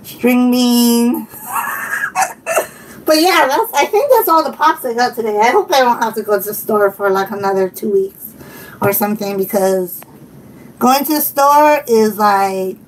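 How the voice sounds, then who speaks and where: On a live stream, a giggly, chatty woman talks to her viewers at a moderate pace, leaving long pauses, her voice on the high side. She laughs a lot and reads chat messages out loud. The mic is distant, with a faint hum of background noise.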